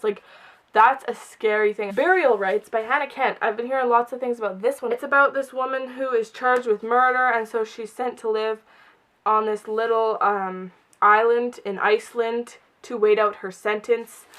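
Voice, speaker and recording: Young woman, bubbly book vlogger, high-ish voice, chatty and excitable. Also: moderate pace. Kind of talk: casual chat to camera.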